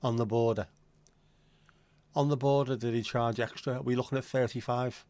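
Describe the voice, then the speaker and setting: A man's voice: mid-range voice, fairly even intonation, moderate pace, a little mellow, no room sound. A man hosting a casual livestream, chatty and joking as he answers viewer comments. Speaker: livestream host.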